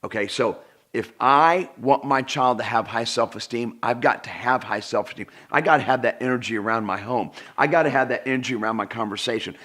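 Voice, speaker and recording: A man's voice: medium pitch, fairly bright tone. A middle-aged man giving a direct-to-camera self-help talk as a personal development speaker, emphatic, repeating himself for emphasis and speaking straight to the viewer.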